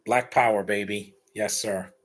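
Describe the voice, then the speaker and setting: A man's voice: fairly low pitch, fairly even intonation, unhurried, faint music behind. A man giving casual, blunt and rambling live commentary while rewatching a film. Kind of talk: casual opinionated watch-along commentary.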